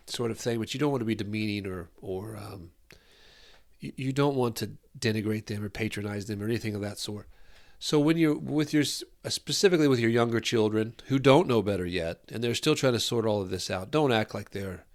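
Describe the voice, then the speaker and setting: A man's voice: lowish voice, brisk. A man hosting a podcast, giving an earnest, rambling solo talk on parenting, often repeating phrases as he searches for words. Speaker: podcast host.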